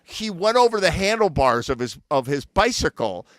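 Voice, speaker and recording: A man hosting a show, telling stories in a casual, animated way with plenty of fillers. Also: on the high side, moderate pace, dry recording. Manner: animated, chatty, lots of fillers. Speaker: show host and musician. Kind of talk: casual storytelling.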